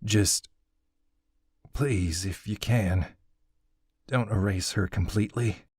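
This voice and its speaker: A man doing a gentle, grieving old craftsman. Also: fairly low pitch, slow pace, husky, dry recording, studio quality. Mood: tender, grieving. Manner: gentle, soothing, rustic dialect. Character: bearded older male craftsman, grieving tender father.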